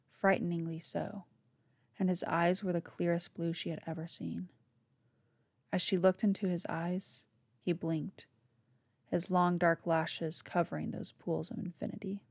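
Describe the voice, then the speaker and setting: A woman reading her own novel aloud in a soft, hushed narration. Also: fairly low pitch, vocal fry, no room sound, studio quality. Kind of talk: scripted narration.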